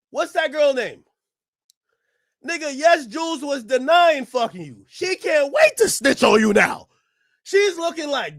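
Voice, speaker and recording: A man ranting loudly and profanely to his chat during a live stream reaction. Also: very high-pitched, expressive, moderate pace, no room sound, clean studio sound. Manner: loud, profane ranting, often shouting; talks to his chat and laughs between bits.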